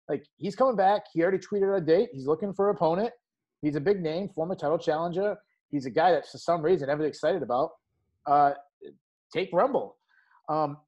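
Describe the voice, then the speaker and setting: A man on a podcast panel, talking through options step by step in a quick, conversational way. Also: fairly high pitch, a little mellow.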